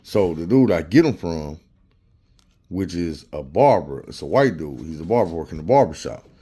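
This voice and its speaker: Deep-voiced man telling a story, slangy and animated. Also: moderate pace, husky. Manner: animated, slangy, profane, acts out quotes. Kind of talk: casual storytelling.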